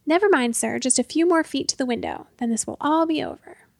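A woman's voice: high voice, brisk, gravelly, dry recording. Storybook reading: a woman as a fit, unflappable hotel worker, matter-of-fact, dry close sound. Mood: calm.

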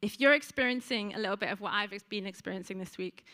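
A woman's voice: medium pitch, fast talker, pushed and bright. A woman preaching a sermon to a congregation in a church, chatty, with frequent ums and asides to the listeners.

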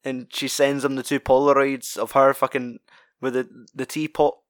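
A man's voice: mid-range voice, little pitch movement, moderate pace, dry recording, clean studio sound. A man chatting casually about a film, rambling, swearing freely and laughing often.

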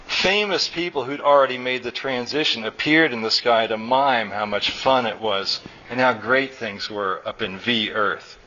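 A man reads his own fiction aloud to a live audience, in a mid-pitched voice, wry and animated. The recording is slightly dull, with faint room hiss. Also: moderate pace, few pauses. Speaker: author reading his story. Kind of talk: public fiction reading. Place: college hall, live.

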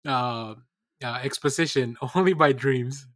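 A man's voice: mid-range voice, fairly bright tone, no room sound, clean studio sound. A man co-hosting a podcast, chatting casually about a TV episode with frequent restarts and fillers. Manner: halting, many restarts and fillers. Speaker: podcast co-host. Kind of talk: casual recap chat.

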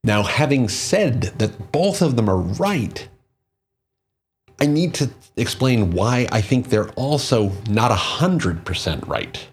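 A man's voice: medium pitch, big pitch swings, takes it slowly, breathy edge. A man giving a solo talk on marketing, reading out quotes and figures and then stressing his own points. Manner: reads quotes and statistics, then comments emphatically. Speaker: marketing commentator.

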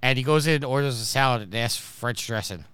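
A man's voice: medium pitch, fast talker, fairly bright tone, smooth. A man from New York hosting a casual podcast and telling stories, acting out the people he quotes. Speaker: podcast host.

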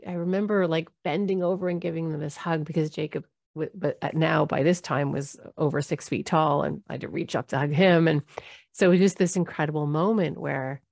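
Low-voiced mother telling a story. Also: creaky. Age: middle-aged. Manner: warm, reflective, acts out quoted voices. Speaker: parenting speaker. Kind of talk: personal storytelling talk.

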